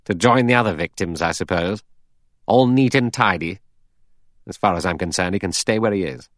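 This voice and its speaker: Man playing a cynical menacing adventurer, deep low voice, sneering, clipped, dry recording. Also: moderate pace, a bit bright, dry recording.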